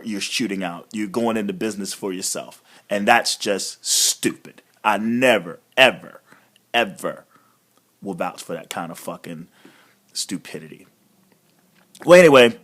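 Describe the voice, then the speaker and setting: A man's voice: mid-range voice, a bit bright. A man giving a casual, rambling recap of a wrestling show, blunt and swearing freely. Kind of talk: casual profane recap monologue.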